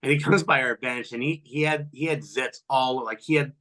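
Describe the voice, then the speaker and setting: A man in his fifties, a former pro hockey player, telling profane locker-room stories as a podcast guest and loudly acting out what people said. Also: mid-range voice, normal speed. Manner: animated, profane, acts out quotes loudly. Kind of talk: storytelling in a podcast interview.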